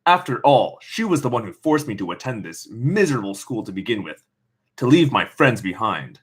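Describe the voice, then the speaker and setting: A man reads a novel aloud, stopping often to mock the text in a lively, animated voice. His pitch sits in an ordinary middle range. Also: normal speed, slightly rough. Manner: sarcastic comments on the text. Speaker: reader. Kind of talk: reading a novel aloud with asides.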